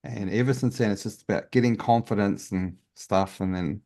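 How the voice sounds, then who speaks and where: A man's voice: lowish voice, normal speed, warm tone. A man, a guest healer, telling his story in a casual interview in an earnest, open way with many restarts.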